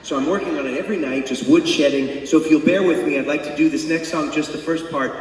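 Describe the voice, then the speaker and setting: A man's voice: fairly high pitch, fast. A middle-aged man, a singer-songwriter, telling funny, profane stories between songs at a live concert, often laughing. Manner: laughing, profane, comic storytelling. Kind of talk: stage banter storytelling. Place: concert theater stage. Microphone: stage vocal mic. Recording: echoey hall from far off. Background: audience ambience.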